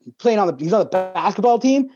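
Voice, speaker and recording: A man's voice: high-pitched, animated, fast talker. A man co-hosting a podcast, telling a rambling story full of swearing in casual chat. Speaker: podcast co-host. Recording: dull lo-fi dry sound.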